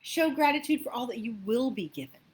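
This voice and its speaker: A woman abundance coach giving a motivational spiritual talk, chatty and animated, telling stories with asides. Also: fairly high pitch, brisk, a little hiss or hum.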